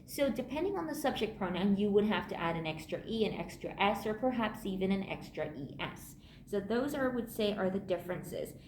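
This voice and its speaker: A woman teaching a French grammar lesson, patiently repeating key points and slowing down to sound out the French words. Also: medium pitch, lively intonation, a little mellow, echoey room, a little hiss or hum. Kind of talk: online language lesson.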